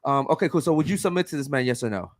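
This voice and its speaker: Brash fast-talking young man host. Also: medium pitch, animated, no room sound, studio quality. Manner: brash, profane, pushy questioning. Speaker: podcast host. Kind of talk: heated casual podcast debate.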